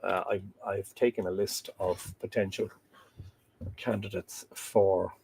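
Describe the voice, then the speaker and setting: A man hosting a live podcast, reading old myths aloud and breaking off into chatty, halting asides. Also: low voice, steady tone, vocal fry, darkish tone, slightly rough.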